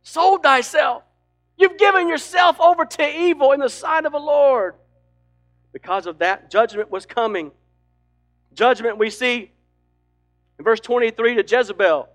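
A man preaching a sermon with emphatic delivery that swings between loud and hushed. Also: extremely high pitch, a little slow, pauses often, soft background music. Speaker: pastor.

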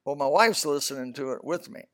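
Older man preaching with loud bursts. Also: on the high side, expressive, brisk. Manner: storytelling with loud bursts and sudden soft asides. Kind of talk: sermon.

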